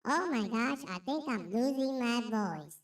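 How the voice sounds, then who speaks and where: A man using a voice changer to sound high and squeaky, making exaggerated whiny outbursts. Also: animated, unhurried, reverberant, recorded from a distance. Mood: exasperated. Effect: voice changer, high-pitched.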